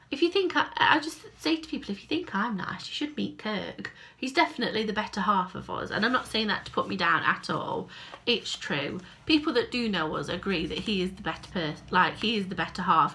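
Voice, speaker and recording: A woman's voice: on the low side, bright, forceful tone. A woman talking casually to camera at home for her vlog, rambling and self-deprecating. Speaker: crochet vlogger. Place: at home by a window.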